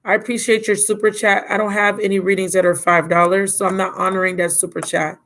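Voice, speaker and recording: A woman's voice: medium pitch, level tone, fast talker, fairly bright tone, low-quality recording. A tired woman giving a casual, blunt tarot reading on a live stream, calling the viewer baby and my love. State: drained and yawning. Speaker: tarot reader.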